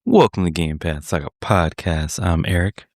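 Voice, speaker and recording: A man hosting a gaming podcast in casual chat, laughing often and sometimes slowing into a deep storytelling delivery. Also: lively intonation, no echo, clean studio sound. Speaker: podcast host. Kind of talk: casual podcast chat with dramatic read-aloud.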